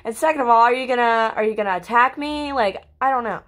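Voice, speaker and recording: High-voiced young woman ranting profanely. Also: fast, fairly bright tone. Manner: profane, ranting, filler-heavy. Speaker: vlogger. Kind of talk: casual rambling monologue.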